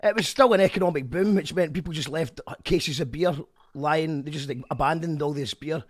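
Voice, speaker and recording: A man's voice: a little high, a little fast, dry recording. A man hosting a casual live show over a video call, chatting and reading out viewer comments. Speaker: show host. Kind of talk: casual chat.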